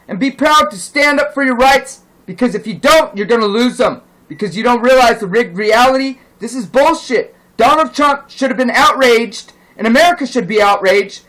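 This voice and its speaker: A man's voice: very high-pitched, bright, forceful tone, rough recording. A man delivering a heated, profane rant as a vlogger, indignant and insistent. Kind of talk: angry ranting monologue.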